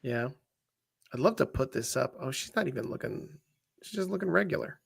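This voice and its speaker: A man's voice: medium pitch, expressive, brisk, vocal fry, breathy edge, no room sound, clean studio sound. A man co-hosting a live wrestling watch-along, chatting and joking casually. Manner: joking, chatty, reacts loudly. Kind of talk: casual live commentary chat.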